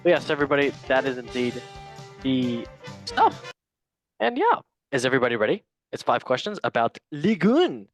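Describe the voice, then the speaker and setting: A man's voice: medium pitch, wildly swooping pitch, moderate pace, faint music behind. A man hosting a casual football quiz, joking and stumbling over French names. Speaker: quiz master.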